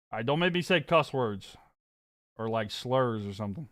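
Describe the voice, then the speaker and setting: Casual male streamer, Southern US accent, rambling and laughing, mid pitch, dry close mic. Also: expressive, normal speed, dry recording. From American South. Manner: laid-back, rambling, fillers, laughs often. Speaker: sports streamer. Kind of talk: casual live-stream chat reading comments.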